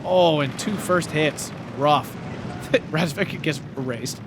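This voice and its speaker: A man casting a strategy game tournament match, excitable, laughing often and shouting at big plays, a little hoarse from talking. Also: a little high, slow pace, noisy background. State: losing his voice. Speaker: tournament caster.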